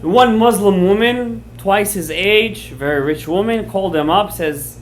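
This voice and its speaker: Animated male rabbi telling a story. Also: high-pitched, unhurried, a little hiss or hum. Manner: animated storyteller, acts out quoted lines, checks words with the audience; mixes in Hebrew and Aramaic terms. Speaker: rabbi teaching a class. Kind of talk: Torah class storytelling.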